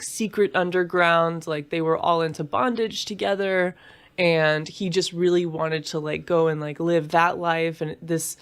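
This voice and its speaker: A woman co-hosting a casual podcast chat, animated and chatty, peppering her talk with "like" and the odd swear. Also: fairly low pitch. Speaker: podcast co-host.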